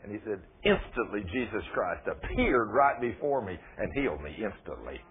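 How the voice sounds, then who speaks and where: A man's voice: on the low side, very animated, moderate pace. A man preaching a sermon, telling testimony stories in a folksy way that rises to fervent emphasis. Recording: tinny phone-like radio broadcast, faint noise.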